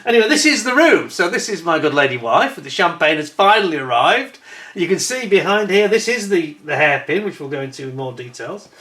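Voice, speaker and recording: Bright-voiced chatty British-born man. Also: fairly high pitch, big pitch swings, brisk. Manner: chatty, rambling, self-correcting, indignant when retelling complaints. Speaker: vlogger. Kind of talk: casual storytelling over photos.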